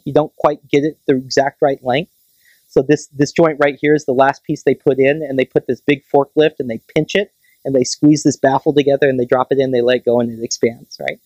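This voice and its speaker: An astronomer gives a public science lecture at a planetarium, enthusiastic and explaining with plain everyday comparisons. The speaker keeps checking in with the audience with a quick "right?". The voice sits in a middle pitch and is recorded dry, with little room sound. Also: darkish tone, dry recording, dull audio.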